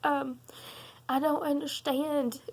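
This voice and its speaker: Tearful high-voiced woman, gravelly. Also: level tone. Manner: earnest and halting, many pauses and ums. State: tearful, sobbing. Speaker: vlogger. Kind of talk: personal confessional vlog.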